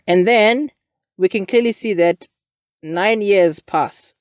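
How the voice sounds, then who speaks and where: A man's voice: high voice, slow pace, smooth, no echo, clean studio sound. A young man, talking casually through a maths exam paper as a tutor and often asking "you see". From South Africa. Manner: chatty, asks listeners "you see".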